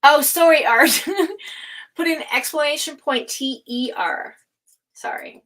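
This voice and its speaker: A woman hosting a live tarot stream, chatting casually with viewers, laughing often and speaking of energy and higher self. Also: slow pace, a bit bright, low-quality recording. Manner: chatty, reads out chat names and laughs often.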